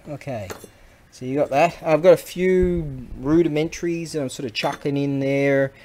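A man with an Australian accent, rambling casually and excitedly as he shows off items he sells. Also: fairly high pitch, moderate pace, background noise. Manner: rambling, excitable, slangy, with frequent restarts. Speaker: online seller showing items. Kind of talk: casual rambling show-and-tell.

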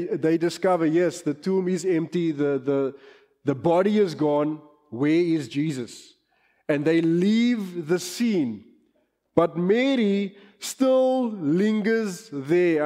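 A middle-aged man with a South African accent preaches from the pulpit, his voice sitting high for a man. He leans on key words and stretches them out, and the sound carries the long reverb of a church hall. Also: a little mellow. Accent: South African English. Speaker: pastor. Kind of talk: sermon.

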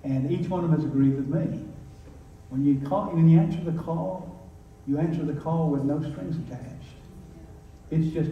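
A man's voice: fairly high pitch, moderate pace, long pauses, highs cut off, slight background noise. A man with a Southern accent, a pastor speaking plainly and encouragingly to his church. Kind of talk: sermon and church announcements. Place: church sanctuary. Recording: echoey church, distant mic.

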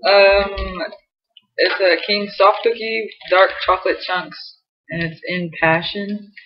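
A young woman, a college softball player chatting as a guest in a giggly, filler-heavy way. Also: medium pitch, fairly even intonation, takes it slowly. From Texas, USA. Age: 20s. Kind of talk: casual chat. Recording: muffled lo-fi recording.

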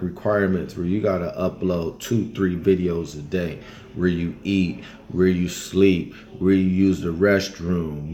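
A man casually telling travel stories in a loose, colloquial way, now and then acting out other people in high voices. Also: dark tone. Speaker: travel storyteller. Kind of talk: casual storytelling.

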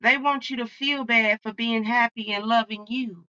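Bright, profane tarot-reading woman. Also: a little high, steady tone, moderate pace, no room sound, muffled recording. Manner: blunt, profane, fired-up channeling. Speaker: tarot card reader. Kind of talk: casual tarot reading to viewers.

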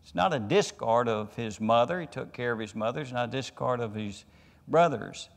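A man, a pastor, teaching a Bible study sermon, reading scripture deliberately and rising in emphasis on key words. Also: mid-range voice, lively intonation, gravelly, big-room sound. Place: church sanctuary.

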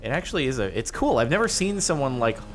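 A man hosting casual gaming commentary, animated and quick to exclaim and laugh. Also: mid-range voice. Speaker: host.

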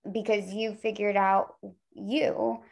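A woman's voice: mid-range voice, level tone, takes it slowly, vocal fry. A woman talent manager, a guest on an interview show, giving earnest, encouraging advice with frequent fillers.

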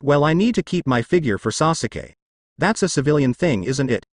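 A man's voice: a little high, animated, moderate pace, no room sound, studio quality. A man voicing a young female ninja, lovestruck and anxious, who stammers and hesitates. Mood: unsure.

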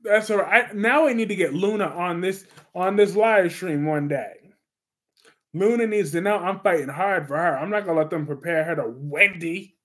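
A man hosting a casual livestream, reacting to viewer comments with animated repetition. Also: sits high, normal speed. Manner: animated, repeats phrases for emphasis. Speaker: livestream host reading comments.

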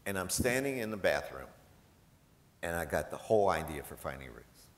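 Male professor, gala storyteller, slightly low voice, animated and self-mocking, echoey hall sound. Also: moderate pace. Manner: animated, self-deprecating, laughs often. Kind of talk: storytelling anecdotes to a live audience. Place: large event hall.

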